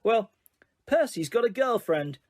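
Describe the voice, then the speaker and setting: A man's voice: sits high, very animated, unhurried, voice pushed up, exaggerated voice. A man voicing a shy, giggly young schoolgirl who talks in a hesitant, anxious way, in an audiobook.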